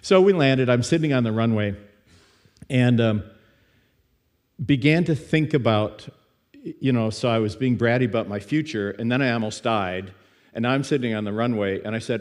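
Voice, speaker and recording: A middle-aged man from Nashville tells a story from the front of a church, talking casually and poking fun at himself, with plenty of fillers. His voice sits at an ordinary middle pitch and carries a long reverb from the church hall. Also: expressive, moderate pace, darkish tone. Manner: chatty and self-deprecating, many fillers and asides. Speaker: speaker teaching at a church service. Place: church sanctuary.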